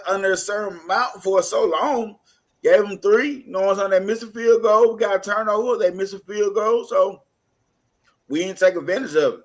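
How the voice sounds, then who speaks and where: A man's voice: high-pitched, moderate pace. A man, blunt and frustrated, stammering through sports talk.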